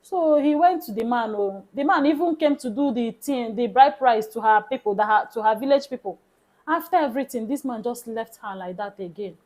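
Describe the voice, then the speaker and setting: A Nigerian woman vlogger recounting a personal story in casual talk. She is animated and slips into soft hushed tones. Her voice sits somewhat high. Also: a little fast, poor audio.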